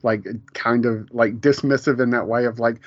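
A man's voice: mid-range voice, fairly even intonation, normal speed, no echo. A man co-hosting a casual podcast chat about a TV show. He rambles, restarts often and laughs a lot. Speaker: podcast co-host. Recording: dull, lo-fi home podcast audio.

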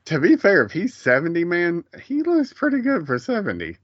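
A man's voice: sits high, wildly swooping pitch, moderate pace, dry recording, muffled recording. A man in his forties co-hosting a podcast, talking casually and rambling, often breaking off mid-sentence and laughing at his own retellings. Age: 40s. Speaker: podcast co-host. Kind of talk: casual chat.

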